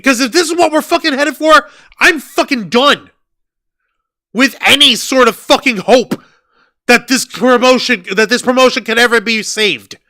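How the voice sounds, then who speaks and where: Co-hosting a wrestling review podcast, a man rants heatedly with profanity and sarcasm. His very high voice is bright and forceful, moving at a moderate pace with no room sound.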